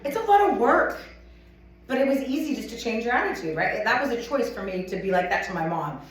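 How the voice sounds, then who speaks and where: A woman giving a chatty, animated sales training talk to a live audience, acting out little scenes as she goes. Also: a little high, brisk. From United States. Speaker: motivational speaker at a sales event. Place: conference room with a live audience. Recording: echoey room, from a distance.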